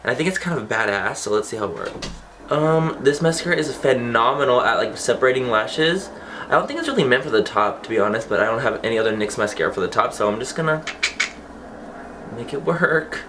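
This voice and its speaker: A man's voice: medium pitch, sing-song, a little fast, a crowd in the background. A young man chatting casually through a makeup tutorial, campy and playful, swearing for fun. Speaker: beauty vlogger.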